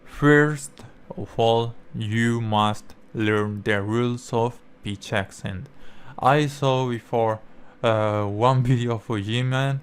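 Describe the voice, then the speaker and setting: Young spanish-speaking guy explaining stuff slowly, lots of uh and like, smooth clear voice. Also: mid-range voice. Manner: halting, many fillers and restarts, non-native phrasing. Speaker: language learning YouTuber. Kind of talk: casual explanatory talk.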